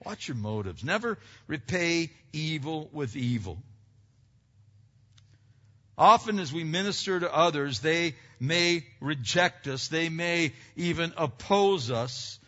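A man preaching a sermon, swinging between loud emphatic passages and quiet earnest asides, asking the congregation questions and answering them himself. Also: mid-range voice. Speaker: pastor. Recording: dull lo-fi recording with long hall reverb.

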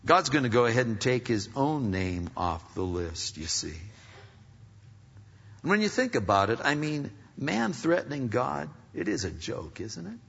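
A man preaches with a bright, forceful edge and a gravelly, husky grain. His delivery is emphatic and climbs to loud peaks. The recording is dull and lo-fi, and long reverb hangs in a large hall. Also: medium pitch, sing-song, unhurried. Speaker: pastor. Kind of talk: sermon.

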